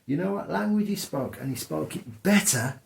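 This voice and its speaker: A middle-aged man chatting as co-host, telling stories in an animated way. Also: a little high, normal speed, gravelly, reverberant. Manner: storytelling, animated. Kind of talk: casual chat.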